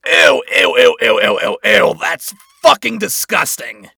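A gravelly, crackling voice for a brash angel dude, crude and mocking, as a male reader puts him on. He drawls slowly with a bright, strained edge. It is a dry, close reading of a fan story. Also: a little high, lively intonation, no echo, full character voice. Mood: disgusted. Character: crude boastful male angel, first man.

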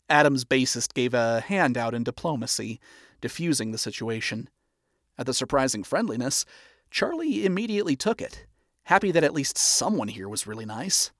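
A narrator reading a fan story aloud in a steady storytelling manner. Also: medium pitch, normal speed, dry recording, clean studio sound. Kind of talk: amateur audiobook reading of fan fiction.

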